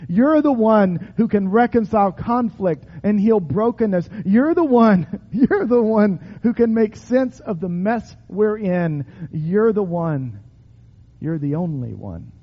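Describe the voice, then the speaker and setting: A man preaching and praying in a sermon, with measured, emphatic delivery and repeated phrases. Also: high voice, lively intonation. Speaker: pastor. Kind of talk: sermon prayer. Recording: reverberant hall, dull lo-fi sound.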